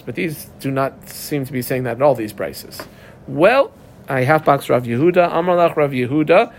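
A man with a somewhat higher voice teaches a Talmud page. He explains in a relaxed, conversational way, dropping Aramaic terms and quick casual English asides as he walks through the text. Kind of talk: daf yomi Talmud lesson.

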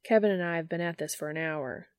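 A woman's voice: lowish voice, fast talker, darkish tone, smooth, dry recording, studio quality, natural voice. A woman reading an audiobook, voicing a cheerful, teasing young man in an easygoing way.

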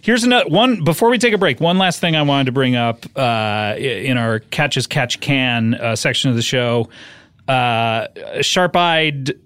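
A man's voice: medium pitch, fairly bright tone, clean tone, no room sound. A man co-hosting a podcast in casual chat, joking, laughing easily and swearing freely. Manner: joking, profane, quick to laugh. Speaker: podcast co-host.

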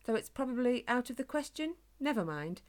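A woman's voice: a little high, big pitch swings, fairly quick, pitched above the performer's own voice. A woman voicing a young hedgehog boy who loves running, earnest and a bit timid. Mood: eager. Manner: earnest, hopeful, a little timid.

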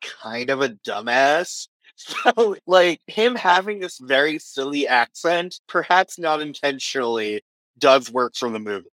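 Man, lively pitch, giggly film fan on a podcast, dry close mic. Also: a little slow, dry recording, rough recording. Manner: animated, giggly film enthusiast. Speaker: podcast co-host. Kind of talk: casual chat.

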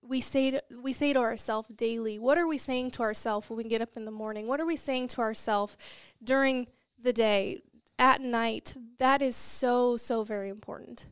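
Earnest young woman with a smooth voice. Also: fairly high pitch, fairly even intonation, moderate pace, dry recording, studio quality. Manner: earnest, motivational storytelling. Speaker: guest. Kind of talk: interview conversation.

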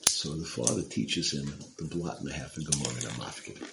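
A man's voice: extremely low pitch, expressive, brisk. A man telling a story in a Torah lecture, in a casual, rambling way with many fillers and asides. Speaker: Torah class speaker. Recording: roomy with clear background noise.

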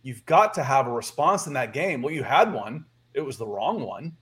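A man's voice: mid-range voice, sing-song, moderate pace, a bit bright. A man from Georgia co-hosting a sports podcast, talking casually in a rambling way, repeating words and chuckling. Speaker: podcast co-host.

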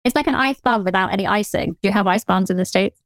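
A woman with a southern English accent, a historian guest answering interview questions in an articulate, measured, lightly amused way. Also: medium pitch, no echo. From England.

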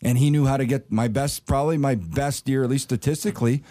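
A middle-aged man, a former player turned hockey analyst, telling animated anecdotes in a sports panel chat. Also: medium pitch, fast.

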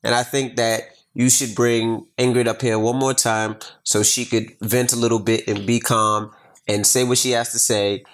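A man's voice: mid-range voice, flat delivery, normal speed. A man co-hosting a podcast, telling family stories in casual chat and teasing his co-host. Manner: teasing, playful, acts out voices in stories. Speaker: father.

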